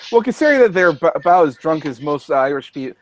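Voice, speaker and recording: A Canadian man from Alberta in a casual group chat, speaking haltingly and repeating words. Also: a little high, sing-song, over a noisy crowd.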